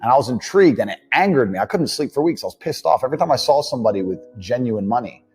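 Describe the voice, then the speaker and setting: A man's voice: mid-range voice, lively intonation, fast, a little mellow, faint music behind. Brash, blunt man lecturing. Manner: brash, blunt and profane, acts out quoted dialogue. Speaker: entrepreneur speaking on money. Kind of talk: motivational monologue.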